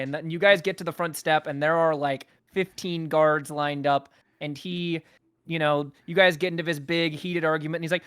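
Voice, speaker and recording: A man's voice: on the high side, fairly even intonation, brisk, fairly bright tone, smooth, dry recording. A man running a tabletop game as game master, narrating casually with some hesitation.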